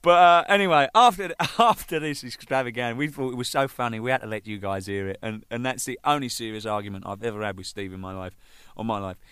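A man's voice: mid-range voice, fast talker, clean tone, dry recording, clean studio sound. A man, a band's drummer, telling casual anecdotes with lots of swearing and laughter. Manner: animated, swearing, laughing, acting out exchanges. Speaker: band's drummer recalling its singles.

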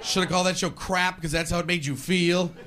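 A man's voice: high-pitched, steady tone, fairly quick, bright, forceful tone. A man performing a stand-up comedy routine, ranting and slipping into voices on stage. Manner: rants, switches into voices. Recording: live stage with crowd laughter. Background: audience laughing.

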